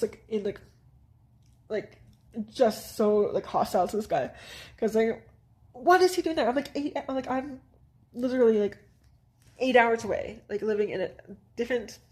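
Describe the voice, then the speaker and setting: A northern Manitoba woman in her thirties vlogs a personal story in a slightly high voice with a darkish tone. Her telling is casual and meandering, full of "like," false starts, and nervous laughter.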